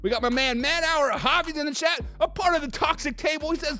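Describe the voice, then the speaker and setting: A man hosting a casual livestream sports talk show. He rambles loosely and thinks out loud. He often stops to read viewers' chat comments aloud. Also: extremely high pitch, brisk, soft background music.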